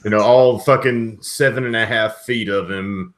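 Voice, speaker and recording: A man's voice: fairly low pitch, steady tone, moderate pace. A man playing a tabletop game, casually describing his character's actions. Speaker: player.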